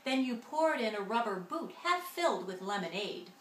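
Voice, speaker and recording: A woman voicing a chatty, carefree male glunk creature who rattles on in quick patter. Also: fairly high pitch, very animated, roomy sound, far from the mic, a little hiss or hum. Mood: gabbing. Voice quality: rapid gabbing patter.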